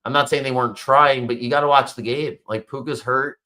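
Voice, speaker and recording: A man's voice: mid-range voice, steady tone, a little fast, pushed and bright. A man hosting a sports talk show, venting exasperated, swearing commentary about his home team's loss. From Baltimore area. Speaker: sports podcast host.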